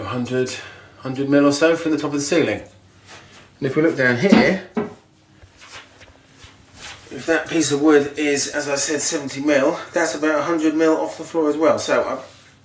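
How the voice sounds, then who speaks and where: Inside a bathroom being redone, a man hosting a DIY video casually talks through tiling step by step, with ums and restarts as he thinks aloud. His voice is medium pitch and reverberant, picked up by a camera mic moving around the room.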